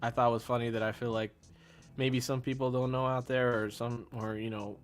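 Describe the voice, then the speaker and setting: A man's voice: medium pitch, little pitch movement, normal speed, faint music behind. A man co-reviewing a comedy film in casual chat, laughing and acting out the lines. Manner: laughing, acts out movie lines. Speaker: guest co-reviewer.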